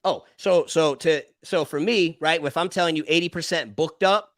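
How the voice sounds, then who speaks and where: A man's voice: a little high, normal speed, no echo, clean studio sound. A man hosting a casual business debate, explaining step by step with frequent restarts. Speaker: podcast host and barber.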